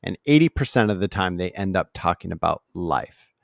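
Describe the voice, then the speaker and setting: A man's voice: sits low, normal speed, gravelly, no room sound, clean studio sound. A man in his forties answering interview questions, telling stories with energy and often asking "right?". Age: 40s. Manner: energetic, animated storytelling with frequent "right?" tags. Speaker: guest author and speaker.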